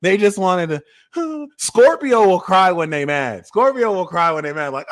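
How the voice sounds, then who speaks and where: A man hosting an astrology livestream, ranting in a casual comedic way, animated, slangy and profane, laughing at his own jokes. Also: high voice, moderate pace.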